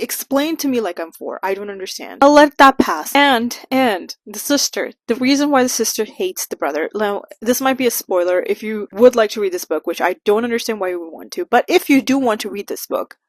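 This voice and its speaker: Young woman, mid pitch, animated sarcastic book rant to camera, dry close mic. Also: moderate pace, no room sound. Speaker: book vlogger.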